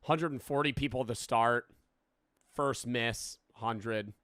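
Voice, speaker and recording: A man's voice: medium pitch, slow pace, fairly bright tone, no echo, studio quality. A man reacting to a story with incredulous, swearing comments in casual chat. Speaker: co-host.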